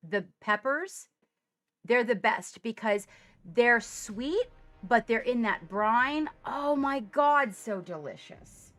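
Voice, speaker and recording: A woman live-streaming from her home studio, chatting casually with viewers, bubbly and quick to laugh at herself. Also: medium pitch, a bit bright, no room sound.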